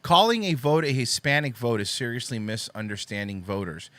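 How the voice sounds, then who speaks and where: Male talk host with a bright, forceful voice on a dry close mic; sarcastic and profane. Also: medium pitch, lively intonation, fairly quick, no room sound. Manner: sarcastic and profane, reading posts aloud and mocking them. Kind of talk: political commentary show.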